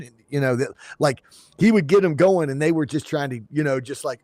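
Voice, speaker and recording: Male podcast co-host, lively casual sports talk, higher voice, dry sound. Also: a little fast, no room sound. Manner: animated, restarts, breaks into comic impressions.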